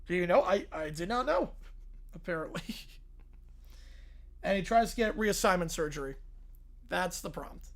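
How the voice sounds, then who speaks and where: A man's voice: sits high, animated, normal speed, pauses often. Laid-back male streamer chatting. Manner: laid-back, laughing, mumbled asides. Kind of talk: casual live-stream reaction chat.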